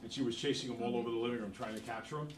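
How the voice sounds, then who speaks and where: A middle-aged man teaching a math class, a joking and animated storyteller, recorded in a classroom from a camera at a distance. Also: mid-range voice, racing. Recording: echoey room from far off, background noise.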